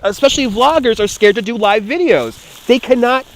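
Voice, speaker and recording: A man's voice: sits high, big pitch swings, moderate pace, few pauses, slight background noise. A man, live-streaming outdoors from a phone on a gimbal, talking in an emotional, rambling way, repeating himself and swearing. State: close to tears. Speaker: livestream vlogger. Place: outdoors in a city street.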